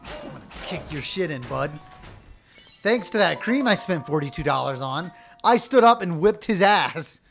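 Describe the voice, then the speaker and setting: An excitable host narrating a video game in casual, sarcastic commentary, swearing freely. The voice swings widely in pitch, jumping from muttered grumbles to loud yelps. Faint music runs underneath. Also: normal speed, vocal fry. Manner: loud sudden outbursts. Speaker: let's-play host.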